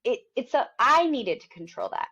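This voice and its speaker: A woman in her thirties hosting a casual podcast chat, animated and laughing often as she acts out her own past words. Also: a little high, normal speed, husky. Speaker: podcast host. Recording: dull lo-fi sound.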